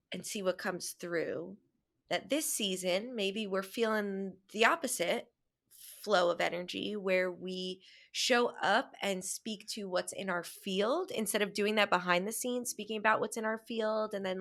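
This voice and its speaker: A woman's voice: mid-range voice, a bit bright. A young adult woman from the United States co-hosting a podcast, chatting casually with rambling asides. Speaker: podcast co-host. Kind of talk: casual chat.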